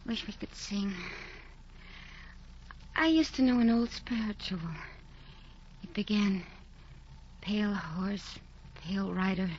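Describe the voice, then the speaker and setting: A woman's voice: medium pitch, a little mellow, dull audio, a little hiss or hum, lightly acted. An actress playing a young woman from the American South, delirious with fever, talking in a breathless, pleading way. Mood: wistful.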